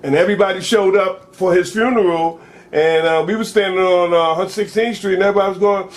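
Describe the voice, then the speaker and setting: A man's voice: sits high, fast. A man co-hosting a casual talk show, telling rambling stories full of slang. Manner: animated, storytelling, rambling with slang. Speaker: co-host.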